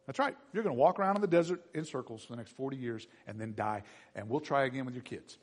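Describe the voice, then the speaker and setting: Animated preacher man with a lively voice. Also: mid-range voice, fairly quick. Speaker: pastor. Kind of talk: sermon.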